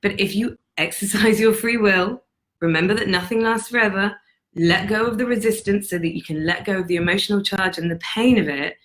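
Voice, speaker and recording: A woman's voice: mid-range voice, fairly quick, a bit bright, low-quality recording. Blunt, swearing woman life coach. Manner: blunt, profane, emphatic. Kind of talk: motivational talk to camera. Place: on retreat in Bali.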